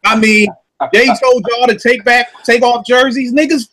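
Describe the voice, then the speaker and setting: A man hosting a casual talk show, ranting in an animated, profane, incredulous storytelling way. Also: extremely high pitch, unhurried. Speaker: podcast host. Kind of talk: casual comedic rant.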